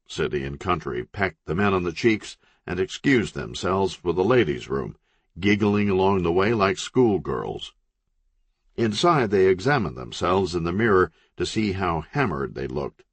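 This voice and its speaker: Deep, husky male audiobook narrator. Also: no echo. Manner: expressive, dramatic storytelling. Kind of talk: audiobook narration of crime fiction.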